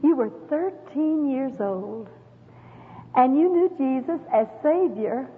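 A woman's voice: high-pitched, lively intonation, takes it slowly. A middle-aged woman gives a folksy, emphatic spoken testimony to an audience. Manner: folksy, emphatic, with sudden rises and drops. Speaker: women's speaker giving testimony. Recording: echoey hall, tinny phone-like sound.

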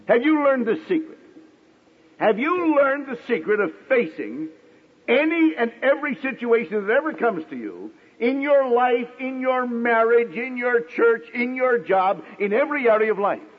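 A middle-aged man preaching a sermon with dramatic pauses, now and then acting out the voices of the people in his stories. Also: very high voice, slightly rough, in a large hall, phone-quality sound.

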